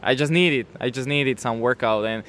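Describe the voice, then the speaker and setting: A man with a foreign accent telling a casual story as a guest, halting, with non-native grammar and restarts. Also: mid-range voice, a bit bright, slight background noise. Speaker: guest telling how he met his partner.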